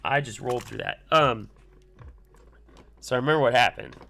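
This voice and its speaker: A man's voice: medium pitch, very animated, moderate pace, vocal fry, pushed and bright, soft background music. A man in his thirties, a streamer telling a long rambling story full of fillers while he works on a keyboard, muttering asides to himself. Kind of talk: casual storytelling while working.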